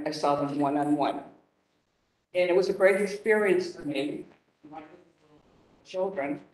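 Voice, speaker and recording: A man speaking as a councilor at a hearing, emotional and halting, rambling with restarts. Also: fairly high pitch, a little mellow. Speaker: city councilor. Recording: echoey room, off-mic.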